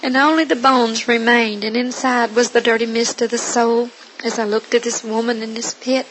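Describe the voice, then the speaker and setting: A woman's voice: on the high side, steady tone, normal speed, a bit bright, a little hiss or hum, poor audio. A woman earnestly reading her own first-person testimony in a solemn manner. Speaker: narrator.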